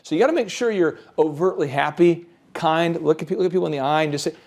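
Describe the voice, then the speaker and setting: A man with a high-pitched voice hosts a business show, coaching listeners in a lively, animated way. He grew up in the American Midwest. He often slips into quick acted-out sales pitches. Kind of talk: energetic business advice talk.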